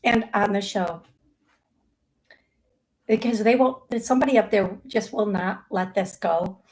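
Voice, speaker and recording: A middle-aged woman hosts a live call-in psychic medium show, sounding chatty and casual, laughing easily and restarting often with lots of fillers. Her voice sits at medium pitch with a darkish tone and a measured pace, though the audio quality is poor.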